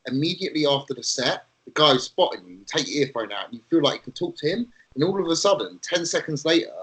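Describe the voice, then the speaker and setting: A man's voice: a little high, very animated, quick pace, fairly bright tone, poor audio. A man in a casual chat among friends, chatty and laughing now and then.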